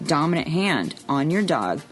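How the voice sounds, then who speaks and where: Low-voiced woman podcast co-host. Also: sing-song, moderate pace, faint music behind. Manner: earnest and explanatory, with frank asides. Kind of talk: casual chat.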